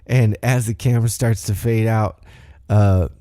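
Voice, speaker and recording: A man with a lowish, warm, steady voice hosts a podcast, recapping a wrestling show in a casual, rambling way at a measured pace. His storytelling is loose and conversational, and the studio-quality recording has no echo.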